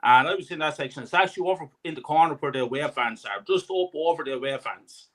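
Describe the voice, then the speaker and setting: A man's voice: a little high, fast talker, fairly bright tone. A man who has travelled from Ireland, calling in with an angry, sweary rant about a match. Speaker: caller. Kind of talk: ranting fan anecdote.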